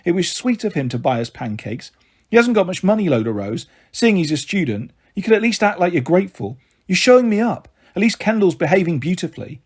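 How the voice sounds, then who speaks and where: A woman's voice: lowish voice, sing-song, fairly quick, a little mellow, husky. A man voicing a young mother with a snappy, bossy manner. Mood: cross. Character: cross, flighty young mum, sharp-tongued.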